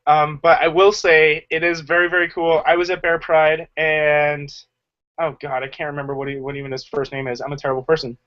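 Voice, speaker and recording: This male co-host of a channel sounds jokey and chatty in a loose group video chat, heavy on fillers. His voice is on the high side, level in tone, fairly quick and fairly bright, heard through a video call mic with lo-fi audio.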